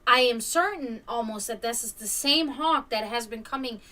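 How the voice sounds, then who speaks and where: A woman's voice: on the high side, moderate pace, pushed and bright, distant mic. A woman hosting a stream, telling a story casually, rambling with many fillers and restarts. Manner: imitates hawk caws. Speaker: stream host.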